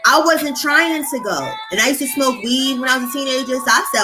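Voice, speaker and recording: A young woman hosting a casual chat, telling a long story in an animated, streetwise, profane way. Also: sits high, brisk, hardly any pauses, over music, low-quality recording. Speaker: host.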